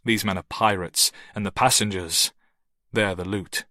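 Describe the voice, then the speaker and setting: A man narrating a thriller audiobook with steady, tense storytelling. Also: low voice, measured pace, no echo, studio quality. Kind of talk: scripted narration.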